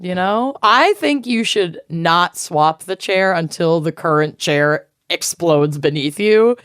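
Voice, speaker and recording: A woman's voice: lowish voice, animated, takes it slowly, fairly bright tone, smooth, no echo, clean studio sound. A woman co-hosting a podcast, joking playfully in casual chat. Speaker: podcast co-host.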